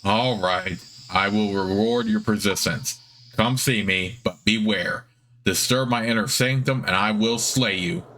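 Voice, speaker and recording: A man reading out the lines of a cold, irritable reptilian dragon lord in a slow, deliberate game voice. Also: fairly low pitch, bright, forceful tone, rough recording. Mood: resigned, menacing.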